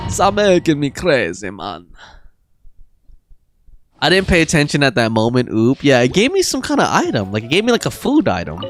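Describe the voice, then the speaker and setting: A man with a medium-pitched, wildly swooping voice streams a game, speaking at normal speed over a noisy background with faint game music behind. He chats casually and rambles, thinking aloud with laughs as he plays.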